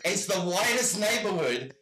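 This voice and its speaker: An Australian-accented man from Australia, a guest at a home in Michigan, tells rambling stories in casual chat and keeps repeating "I gotta tell you." His animated voice sits high at a measured pace, in a roomy, low-quality recording over loud music.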